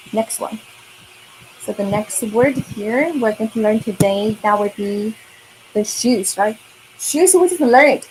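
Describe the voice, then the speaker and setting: A woman's voice: a little high, a little mellow, slight background noise. A woman teaching a beginner Chinese lesson for children online, patiently repeating each word for the learners to echo. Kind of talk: online kids' language lesson.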